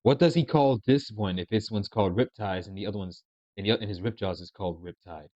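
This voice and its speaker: A man's voice: lowish voice, quick pace, dark tone, dry recording. A man casually commenting on videos, rambling and hesitant with many restarts. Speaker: reaction video host. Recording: dry, dull lo-fi sound.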